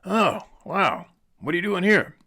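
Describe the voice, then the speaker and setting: Older male taxi driver, put on by a man, curious, drawling, high-pitched. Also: sing-song, measured pace, bright, forceful tone, breathy edge, exaggerated voice. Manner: drawling, casual, uses y'all.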